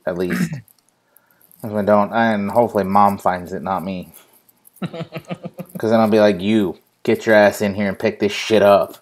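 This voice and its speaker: A man's voice: fairly low pitch, very animated, unhurried, long pauses. A young man hosting a casual live show, telling a funny family story with plenty of swearing and laughter. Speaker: host.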